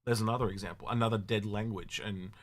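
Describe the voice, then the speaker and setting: A man co-hosting a casual podcast, rambling and animated with many restarts. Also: lowish voice, fast talker. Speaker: podcast co-host. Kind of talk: casual chat.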